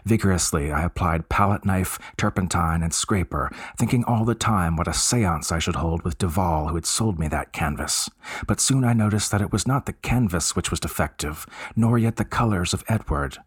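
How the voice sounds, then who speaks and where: A man narrating a gothic horror story in a measured, storytelling manner. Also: low voice, breathy edge, no echo, studio quality.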